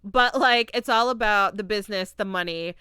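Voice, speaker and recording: Bright, chatty young woman podcaster. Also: mid-range voice, moderate pace, clear, resonant tone, no room sound, clean studio sound. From Florida. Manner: chatty, laughs often, acts out quotes. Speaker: podcast host. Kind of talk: solo podcast movie review.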